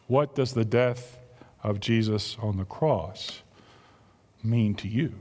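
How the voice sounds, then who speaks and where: A man with a South Jersey accent preaching a sermon, animated and exclamatory, full of rhetorical questions. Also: lowish voice, takes it slowly, long reverb tail. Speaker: pastor.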